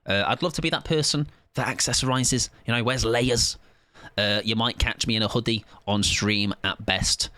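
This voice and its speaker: A man's voice: mid-range voice, normal speed, bright, forceful tone, no room sound. A young man streaming a game live, chatting in a joking, self-mocking, rambling way.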